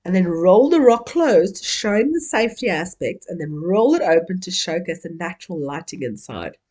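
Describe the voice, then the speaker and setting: Lively woman keynote speaker. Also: lowish voice, normal speed. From South Africa. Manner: playful, energetic, coaxing an audience to join in. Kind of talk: interactive keynote speech.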